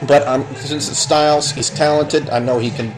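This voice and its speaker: A man's voice: medium pitch, steady tone, normal speed, soft background music, low-quality recording. A man giving a blunt, opinionated spoken review of a wrestling show, rambling and restarting his sentences.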